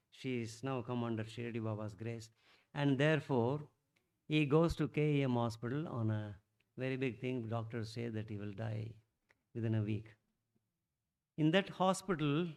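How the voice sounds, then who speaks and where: A middle-aged man, telling a devotional story at a satsang in a rambling, animated way, restarting often and bursting out louder. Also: medium pitch, gravelly. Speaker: satsang speaker.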